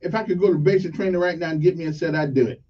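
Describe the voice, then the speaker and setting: A man hosting a morning radio talk show, rambling casually through shout-outs to local crews. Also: on the high side, rapid-fire, far from the mic. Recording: dull lo-fi sound, slightly off-mic.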